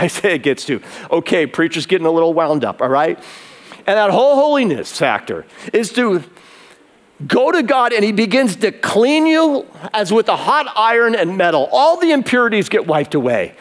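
A man's voice: high voice, very animated, normal speed. A man pastor preaching an emphatic sermon that builds in intensity, in a converted barn used as a church.

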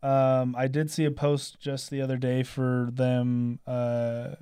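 A man's voice: mid-range voice, completely flat delivery, slow, mellow, clear, resonant tone, dry recording, clean studio sound. A man chatting on a podcast, hesitant, with many fillers. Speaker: guest salesperson. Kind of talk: casual chat.

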